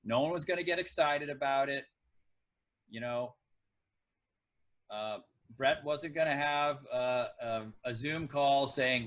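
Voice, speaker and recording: A middle-aged former athlete talking on a podcast. His voice sits in an ordinary middle register, and he spins long, reflective stories in a relaxed, conversational way. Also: mid-range voice, measured pace, pauses often, rough recording. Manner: reflective, tells sports anecdotes at length. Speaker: former pro kicker and kicking coach, guest. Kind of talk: casual podcast interview.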